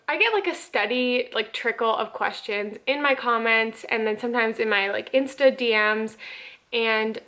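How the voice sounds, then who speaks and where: A woman's voice: a little high, a bit bright. A woman in her twenties, a nursing student, talking casually to camera in a chatty, upbeat vlog with lots of "like" fillers. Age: 20s.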